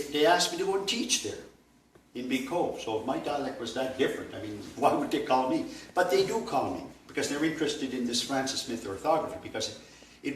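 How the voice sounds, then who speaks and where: Older man from Nova Scotia, rambling workshop lecturer, mid pitch, roomy distant sound. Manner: digressive and anecdotal, with frequent fillers and chuckles. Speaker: language workshop instructor. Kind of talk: informal classroom lecture. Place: workshop room indoors. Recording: echoey room, distant mic, faint noise.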